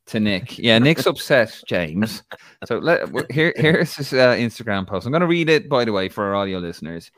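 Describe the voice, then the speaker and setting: A man's voice: mid-range voice, very animated, moderate pace, a bit bright, no room sound, clean studio sound. An Irish man co-hosting a casual football podcast, chatty and reading out listener posts. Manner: chatty, reads viewer comments aloud. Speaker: podcast co-host.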